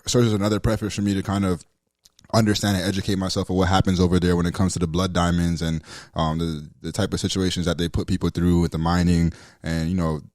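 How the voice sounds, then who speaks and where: Male podcast co-host, rapid excitable rambling, dry mic. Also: low-pitched, no room sound. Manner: quick, excitable, rambling with fillers. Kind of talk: casual movie discussion.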